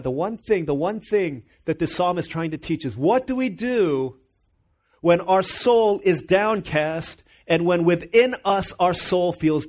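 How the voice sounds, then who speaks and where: A man preaching a sermon, earnest and emphatic, asking the congregation rhetorical questions. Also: sits high. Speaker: pastor.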